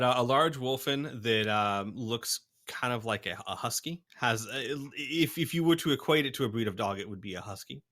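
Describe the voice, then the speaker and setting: Bright-voiced man game master. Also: mid-range voice. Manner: halting, full of fillers. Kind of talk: narrating a tabletop game.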